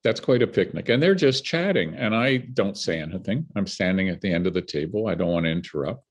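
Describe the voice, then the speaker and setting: Older guy spinning long anecdotes, kinda husky, lowish voice, laughs along. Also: brisk. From Canada. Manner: animated, vivid storyteller who laughs between anecdotes. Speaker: guest. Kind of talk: storytelling in conversation.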